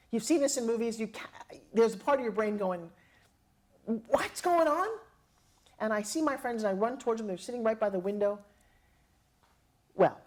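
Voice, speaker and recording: Telling a personal story in an animated way, a middle-aged woman delivers it with lively drama. She takes on the voices of the people she quotes, her pitch rising and falling throughout.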